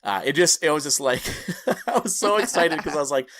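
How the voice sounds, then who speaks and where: A man co-hosting a podcast narrates a story briskly in a slightly high, somewhat bright, animated voice. He chuckles between phrases and plays out each quoted person.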